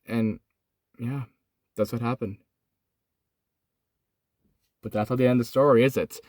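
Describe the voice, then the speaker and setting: A young man recording in his van, casually retelling a Bible story, swinging from excited to hushed and solemn. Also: medium pitch, a little slow, no room sound, studio quality. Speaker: host. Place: inside a van.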